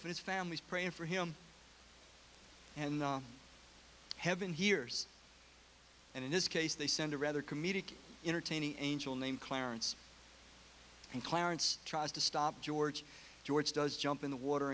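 A preacher giving a sermon, retelling a film story in an emotional, casual way. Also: male voice, fairly high pitch, a bit bright, slight background noise.

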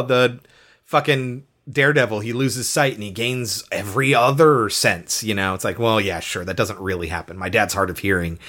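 A man casually recapping a movie on a podcast, animated, swearing and acting out lines. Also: on the low side. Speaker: podcast co-host.

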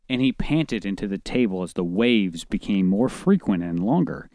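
A man's voice: expressive, moderate pace, few pauses, warm tone, no echo, studio quality. A man co-hosting a comedy podcast, reading fan fiction aloud and breaking into laughter, trying silly character voices. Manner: laughs often, breaks into high giggles, tries character voices.

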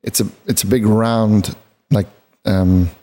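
Low, mellow-voiced man rambling casually. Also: fairly even intonation, slow pace. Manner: rambling, filler-heavy storytelling. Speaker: podcast co-host. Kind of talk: casual chat. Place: podcast studio set with lights.

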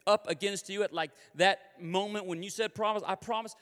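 A man from Kansas preaching a sermon in a lively, conversational and confessional way, with a long hall reverb on his voice. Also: high voice, moderate pace.

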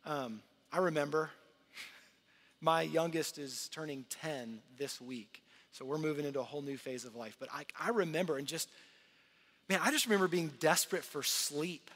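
A man in his thirties preaching a sermon to his church in a conversational, earnest way, swinging from loud to hushed. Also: a little high, normal speed. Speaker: pastor. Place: large church hall. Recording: long hall reverb.

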